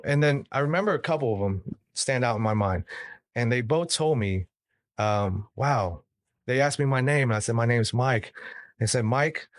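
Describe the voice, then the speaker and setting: A man's voice: mid-range voice, no echo, clean studio sound. A man from the United States, a podcast guest telling a story casually, emphatic and profane, acting out the dialogue he quotes.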